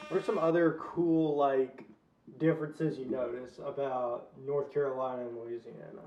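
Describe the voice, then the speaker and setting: A man from the American South with a softened Southern accent, co-hosting a podcast in loose, rambling casual chat full of fillers. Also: mid-range voice, steady tone, normal speed, recorded from a distance. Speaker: podcast co-host. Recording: roomy, slightly muffled sound.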